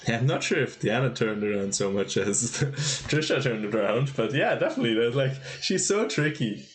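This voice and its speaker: A man's voice: mid-range voice, lively intonation, moderate pace, slight background noise. Male chess streamer, casual live commentary, mid-range voice, talkative and reactive. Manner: chatty, thinks aloud, exclaims at blunders.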